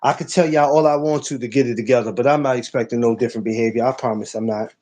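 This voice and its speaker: A man hosting a podcast in casual banter, loud and joking, repeating himself for effect. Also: mid-range voice, steady tone, fast. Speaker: podcast host.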